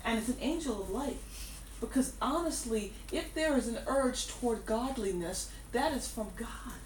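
A woman's voice: on the high side, lively intonation, normal speed. A woman preaching a sermon, emphatic, repeating her key phrases for weight. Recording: echoey room, distant mic, faint background noise.

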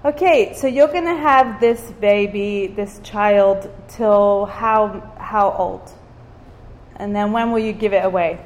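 A medium-pitched woman's voice takes its time, with the highs cut off and background noise present. She's from Cyprus, leading a small group in an informal devotional talk, posing questions to her listeners and repeating words for emphasis, all in a roomy hall with long reverb.

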